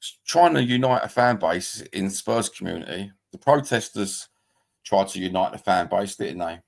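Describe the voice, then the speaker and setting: A middle-aged man with a London accent hosts his live stream in a rambling, heated rant, swearing freely. His voice sits low and has a gravelly rasp to it. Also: animated, moderate pace. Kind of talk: ranting live-stream chat.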